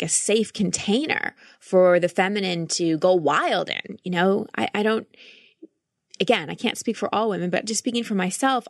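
A woman's voice: lowish voice, dry recording, clean studio sound. A woman life coach hosting a podcast, talking through her thoughts in an earnest, reflective monologue with frequent restarts.

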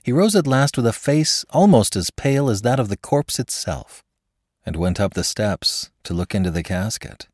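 A man's voice: lowish voice, animated, normal speed, a little mellow, no echo, clean studio sound. A man narrating a classic story in a scripted, dramatic reading. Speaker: podcast narrator.

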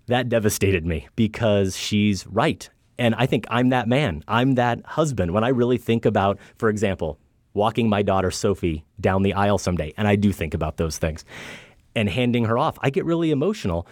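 Middle-aged male podcast co-host, low voice, earnest and thoughtful, dry studio sound. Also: normal speed, no echo. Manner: reflective, earnest. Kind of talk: casual film discussion.

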